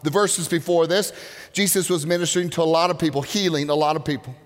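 A man preaching a sermon to a congregation, telling stories with lively acted-out voices. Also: a little high, quick pace. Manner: animated storytelling, acts out voices. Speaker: pastor. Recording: long reverb of a large hall.

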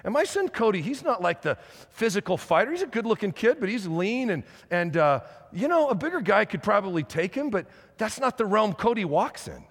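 A middle-aged man preaching a sermon, telling stories with animated energy and frequent restarts. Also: high-pitched, fairly quick. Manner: animated storytelling with many restarts. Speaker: pastor. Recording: long hall reverb.

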